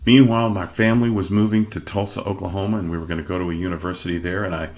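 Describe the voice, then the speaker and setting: In a racing monologue on his own show, a middle-aged male opera singer tells how his career unfolded. He speaks low, lively and self-deprecating, changing up his delivery for emphasis.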